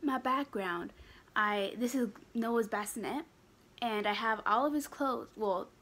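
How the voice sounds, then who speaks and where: A young adult woman vlogs from her bedroom, talking casually to her channel while breathless and rambling from one aside to another. Her voice is a little high, a bit bright, and slightly slow.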